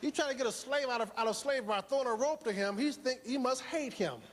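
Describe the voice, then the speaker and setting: High-voiced man preaching in a hall. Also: fast talker, few pauses. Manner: preaching, rhetorical questions, repetition. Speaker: motivational speaker. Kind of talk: motivational speech to a live audience.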